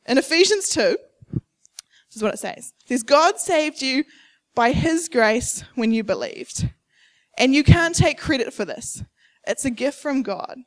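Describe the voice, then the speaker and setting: A young adult woman preaching a sermon at a church service, emphatic and repetitive, acting out the people she quotes. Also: sits high.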